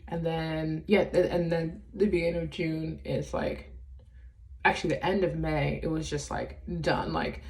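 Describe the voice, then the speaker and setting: A woman talking in a casual confessional vlog, halting, with many fillers and restarts. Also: low voice, steady tone, creaky, a little mellow. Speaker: vlogger.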